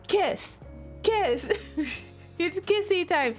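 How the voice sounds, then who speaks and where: A woman's voice: on the high side, expressive, takes it slowly, soft background music. A woman streamer reading a romance game's text aloud and reacting with dramatic, playful overreactions. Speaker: gaming streamer.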